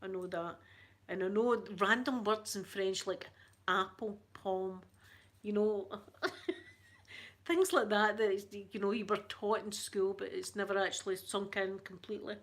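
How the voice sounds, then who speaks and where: A middle-aged woman with a thick Scottish accent chats softly with her live viewers. She rambles through stories, laughing often as she goes. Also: medium pitch, unhurried. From Scotland. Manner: chatty, laughs often, soft-spoken. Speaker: livestream host. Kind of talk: casual chat with live viewers.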